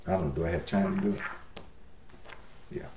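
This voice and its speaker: A man's voice: sits low, steady tone, brisk, mellow, roomy sound, distant mic, slight background noise. A man preaching a sermon as pastor, folksy, his voice swelling up and dropping down.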